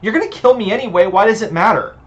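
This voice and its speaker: A woman's voice: mid-range voice, animated, fast talker, lo-fi sound, voice pushed up, lightly acted. Woman voicing a male vampire, snarling, furious, brutal, growled threats.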